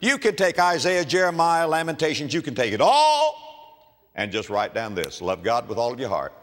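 A man preaching a sermon, telling a story and moving between quiet asides and loud exclamations. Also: mid-range voice, sing-song, moderate pace. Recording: long reverb of a large hall.

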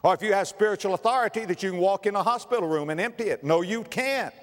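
A man preaching a sermon, swinging between raised, emphatic lines and hushed, low passages. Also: quick pace, in a large hall. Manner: dramatic preaching with sudden drops to a hushed, low delivery. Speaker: pastor.

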